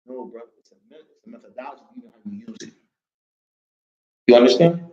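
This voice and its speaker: Quick-talking American man teaching a class. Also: medium pitch, muffled recording. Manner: lively, mixes English with Arabic reading, checks understanding often. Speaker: Arabic teacher. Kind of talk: classroom lesson.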